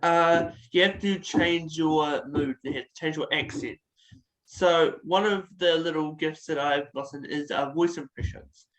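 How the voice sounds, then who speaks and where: A man's voice: on the high side, a little slow, fairly bright tone, poor audio. A man hosting an interview and chatting casually, in a playful, eager way. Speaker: host.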